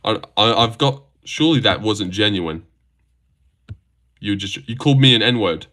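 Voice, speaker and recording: A young man hosting a livestream where he reacts to fights chats loosely and crudely, swearing, answering chat, and stumbling over words. His voice is lowish, bright, and forceful, and he speaks a little slowly.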